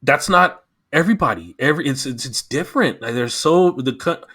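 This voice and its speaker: A man's voice: medium pitch, moderate pace, breathy edge. A man in casual chat on a podcast, talking with passion and getting emotional as he reviews a show. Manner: impassioned, animated. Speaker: podcast guest.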